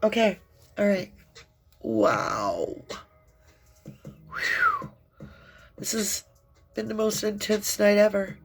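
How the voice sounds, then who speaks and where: A woman's voice: medium pitch, little pitch movement, a little mellow, husky, soft background music. A woman giving an emotional tarot reading, crying and speaking in a heartfelt, soothing way. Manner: tearful, heartfelt, slow and soothing. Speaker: tarot reader.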